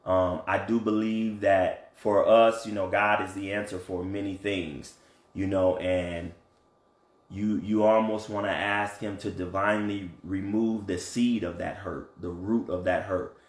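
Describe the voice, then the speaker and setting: A man coaching couples in casual talk, earnest and animated, often checking in with "right?". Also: low voice, unhurried. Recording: echoey room.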